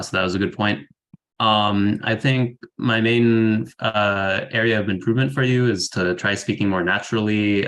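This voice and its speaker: A man's voice: deep voice, a bit bright, low-quality recording. A young man judging a debate over a video call, giving casual feedback with many fillers. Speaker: debate judge. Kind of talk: spoken feedback.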